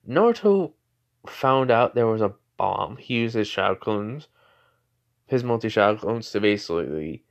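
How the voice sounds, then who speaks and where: A man's voice: lowish voice, highs cut off. A man casually making up a fan fiction story aloud, rambling with lots of "like" and "you know" and often correcting himself.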